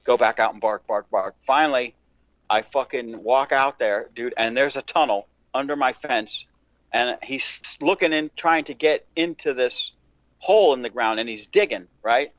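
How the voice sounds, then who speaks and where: A man's voice: medium pitch, normal speed, no room sound. A man in casual podcast chat, telling a long profane story and acting out what people said. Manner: profane, animated storyteller, acts out quotes. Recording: dull lo-fi dry sound.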